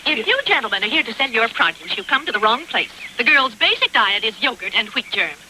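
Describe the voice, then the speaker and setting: A woman's voice: a little high, very animated, fairly quick, noisy background. An actress playing a prim, disapproving woman who runs a health farm, talking in a scolding way.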